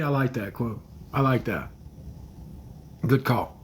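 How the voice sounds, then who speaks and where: A man in his thirties hosting a phone livestream, answering viewer comments in a hesitant, soft-spoken way with many fillers and quiet trailing murmurs. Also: medium pitch, measured pace, slight background noise, poor audio. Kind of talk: casual livestream chat.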